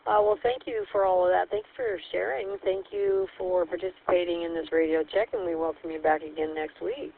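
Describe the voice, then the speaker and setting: A woman acting as net control on a ham radio net, working through check-ins by call sign in a steady, procedural way. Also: on the low side, fairly quick, vocal fry, hardly any pauses, a little hiss or hum. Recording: tinny radio transmission.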